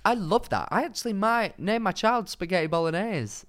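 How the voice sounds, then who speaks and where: A man's voice: high voice, expressive, normal speed, a bit bright. A man co-hosting a podcast, arguing indignantly in casual banter and swearing often. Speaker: podcast co-host.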